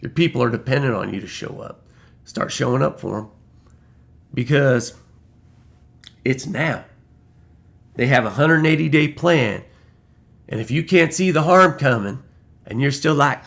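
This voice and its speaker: Gravelly man ranting, heated and profane. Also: medium pitch, animated, a little slow, long pauses, fairly bright tone. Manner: heated and profane, repeating lines for emphasis. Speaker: vlogger. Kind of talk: angry political rant.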